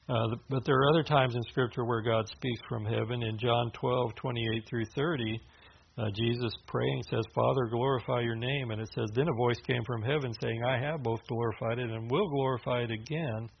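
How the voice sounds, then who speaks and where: A man's voice: fairly even intonation, normal speed, vocal fry. A man preaching a sermon in a loose, conversational way, with restarts and filler words as he explains scripture. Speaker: pastor. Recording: dull low-fidelity sound with faint hiss.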